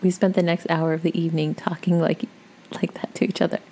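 A woman with a low, gravelly voice reads a story aloud in a relaxed, chatty way. Her tone is mellow and dark, and she drifts into casual asides now and then. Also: a little fast. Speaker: story reader.

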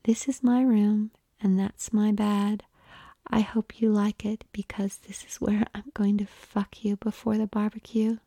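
A cheeky young woman teases her lover in whispered role-play, as a woman narrator puts her on. Her hush is slow, dark and gravelly, close and dry. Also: medium pitch, little pitch movement, dry recording. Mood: teasing. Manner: teasing, blunt.

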